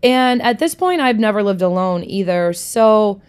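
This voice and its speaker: A young woman from the United States hosting a solo podcast, talking in a chatty, candid way with frequent swearing and lively asides. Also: medium pitch, unhurried, smooth. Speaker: podcast host. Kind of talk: casual solo podcast chat.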